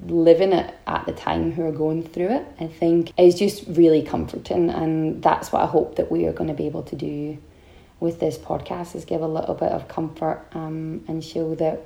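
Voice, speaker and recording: A woman in her thirties with a Scottish accent, co-hosting a casual podcast chat in a warm, reflective way. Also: deep voice, level tone, normal speed, vocal fry. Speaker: podcast co-host.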